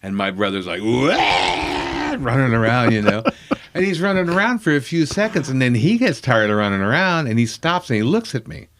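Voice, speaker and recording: Profane man telling a lively story. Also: mid-range voice, brisk, slight background noise. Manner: profane, animated, self-mocking. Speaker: comedian. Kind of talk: storytelling in casual chat.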